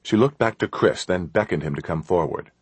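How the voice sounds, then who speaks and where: Deep husky male audiobook narrator. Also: no echo. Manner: steady, measured storytelling.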